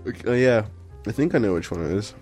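A man's voice: fairly low pitch, expressive, quick pace, a little mellow, faint music behind. A man co-hosting a casual podcast chat, hesitant, stumbling and restarting his sentences. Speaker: podcast co-host.

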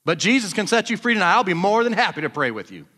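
A male pastor preaching a sermon in a church, fervent and building to shouts. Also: high-pitched, very animated, fast, big-room sound.

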